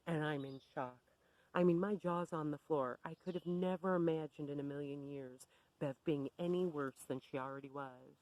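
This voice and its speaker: Candid storytime narrator, blunt and wry, mid-pitched voice. Dry recording. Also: moderate pace, no room sound, poor audio. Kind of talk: personal storytime.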